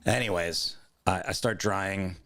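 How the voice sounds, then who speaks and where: Man telling a story with loud acted-out bits. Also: low voice, measured pace. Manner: animated, acts out both sides of the story in loud raised voices. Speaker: podcast co-host. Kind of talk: casual comedic storytelling.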